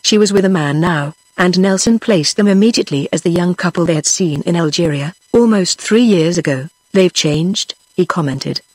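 Computer-voiced British female narrator, level and steady, slightly breathy, dry. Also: on the low side, moderate pace, hardly any pauses, no room sound. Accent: British English. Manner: even, steady synthetic reading, no acted character voices. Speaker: audiobook narrator. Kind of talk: text-to-speech audiobook reading.

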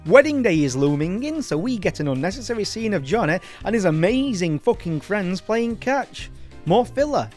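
A man's voice: high-pitched, big pitch swings, moderate pace, darkish tone, faint music behind. A man hosting a comedic film review, sardonic, mocking and sweary.

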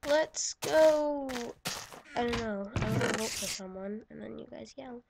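A woman chats her way through a round of a video game in slow, unhurried speech, giggling and correcting herself as she goes. Her voice has a gravelly fry and sits fairly high. The home microphone picks up a lot of background hiss. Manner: chatty, giggly, self-correcting. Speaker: gaming channel host. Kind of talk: casual let's-play commentary.

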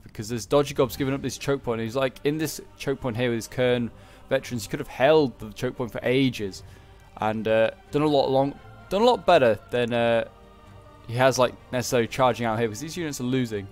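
A man talks through a strategy game battle in a casual, chatty way, often correcting himself and drifting into asides. His voice sits at an ordinary middle pitch. Faint game music runs underneath. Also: a little fast. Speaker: gaming video creator. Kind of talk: casual gameplay commentary.

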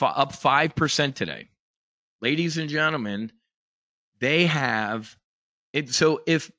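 Brief: a bright, forceful male host, brash and profane, pitching stocks in a dry close sound. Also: no echo. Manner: brash, profane, emphatic salesman. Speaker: trading show host. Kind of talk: hyped investing pitch.

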